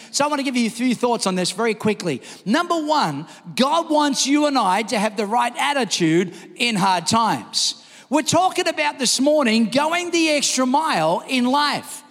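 A man preaching a sermon, telling a story with energy and shouting the quoted lines. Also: very high-pitched, animated, moderate pace. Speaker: pastor. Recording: long hall reverb.

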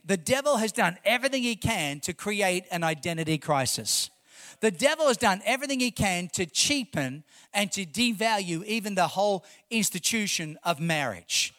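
A man preaches to his church congregation in a strikingly high voice for a man. His tone is bright and forceful. He drives each point home with fervent emphasis and rhetorical questions. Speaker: pastor. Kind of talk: sermon.

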